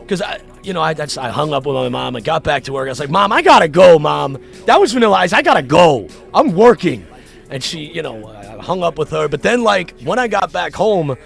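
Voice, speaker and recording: A man livestreaming, telling a story in a casual, animated way with swearing and laughing asides. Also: sits high, gravelly.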